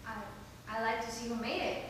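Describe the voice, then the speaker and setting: A woman's voice: a little high, lightly acted. An actress playing a patient, thoughtful young woman defending a film at a stage reading, recorded from far off in an echoey hall. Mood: calm. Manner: measured, patient, lightly mocking. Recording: echoey hall, mic far off, faint hiss.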